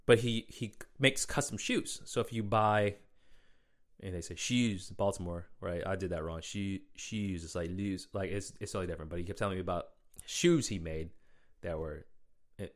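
Chatty man with a lowish voice. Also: moderate pace. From Minnesota. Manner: loose and chatty, peppers talk with "man" and "bro". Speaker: podcast host. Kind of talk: casual solo storytelling.

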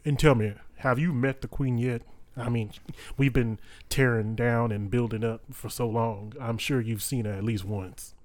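A man's voice: medium pitch, fairly even intonation, moderate pace, no room sound. A man playing a tabletop game, hesitant with lots of filler sounds. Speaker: player.

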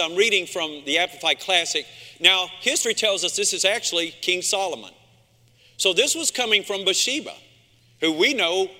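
A man's voice: high-pitched, bright, forceful tone. A male pastor preaching a sermon, emphatic, calling out to his congregation in a church sanctuary. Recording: long reverb in a large room.

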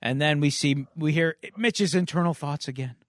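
A man with a high voice casually retells a comic book plot on a podcast. He is animated and chuckles between beats. The sound is close and dry, with no room echo. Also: normal speed. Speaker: podcast co-host.

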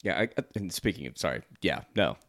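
A man's voice: low-pitched, big pitch swings, brisk, fairly bright tone, dry recording, clean studio sound. A man co-hosting a podcast, making wry joking asides in casual chat. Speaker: podcast co-host. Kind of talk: casual film-review chat.

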